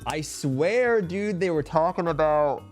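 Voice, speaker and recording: A man's voice: fairly high pitch, lively intonation, measured pace, darkish tone, soft background music. A young man and streamer telling a story in casual chat, rambling with lots of filler words and swearing.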